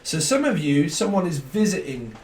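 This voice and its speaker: A man's voice: a little high, sing-song, normal speed, darkish tone, slight background noise. A man giving a casual tarot reading, rambling, laughing often and swearing freely. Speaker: tarot reader. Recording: echoey room, mic at a distance.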